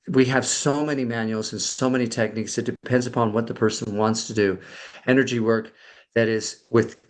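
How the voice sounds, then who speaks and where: Man explaining, full of fillers. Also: medium pitch. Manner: explanatory, many fillers and restarts. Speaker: podcast guest, kinesiologist and emotional coach. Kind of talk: conversational explanation.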